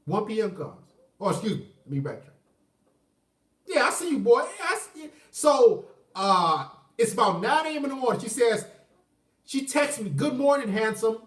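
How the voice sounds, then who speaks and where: A man casually telling a personal story, animated and profane, swinging between loud outbursts and low mutters. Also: moderate pace, pauses often. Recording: roomy echo, mic at a distance.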